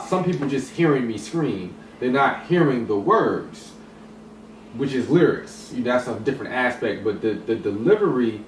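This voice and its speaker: A man in a casual hip hop discussion, talking in a rambling way with many restarts and fillers. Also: medium pitch. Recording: roomy echo, distant mic, some noise.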